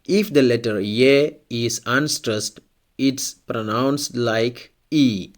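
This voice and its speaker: Slow, deliberate male language teacher. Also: mid-range voice. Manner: slow, deliberate, repeats example words. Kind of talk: scripted language lesson.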